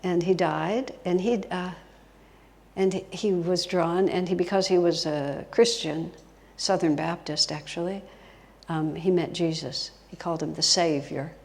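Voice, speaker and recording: A woman's voice: fairly low pitch, fairly even intonation, unhurried, vocal fry, darkish tone. A woman giving a spiritual talk as a guest teacher, telling stories expressively and dropping to a whisper for emphasis. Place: retreat hall. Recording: long hall reverb.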